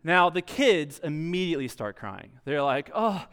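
A man's voice: fairly high pitch, expressive, normal speed, a bit bright, smooth. A young adult man, a pastor, preaching a sermon in a conversational, storytelling way with light self-deprecating humor.

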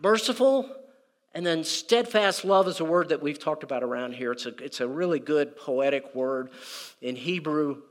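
Male pastor, high voice, casual sermon delivery, stumbles over repeated words, long church reverb. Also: animated, normal speed. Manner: conversational, repeats words, acts out quoted prayers. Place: church sanctuary. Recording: reverberant hall.

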